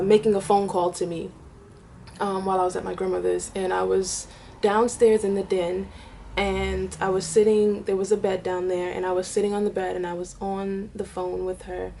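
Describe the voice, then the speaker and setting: A young woman vlogger telling a personal story to camera, halting with many fillers and restarts, tearful at times. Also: mid-range voice, creaky, mellow, a little hiss or hum. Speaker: vlogger, mother.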